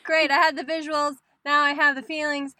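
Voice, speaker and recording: A woman's voice: high voice, level tone, a little fast, pushed and bright. A woman co-host on a podcast, reacting squeamishly with exclamations and protests. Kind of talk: casual chat reactions.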